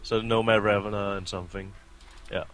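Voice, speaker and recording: A man offering live analysis as a co-caster on a video game match. His voice sits lower than most. He thinks out loud, pausing and restarting as he works through the plays. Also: fairly even intonation, a little hiss or hum. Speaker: esports co-commentator.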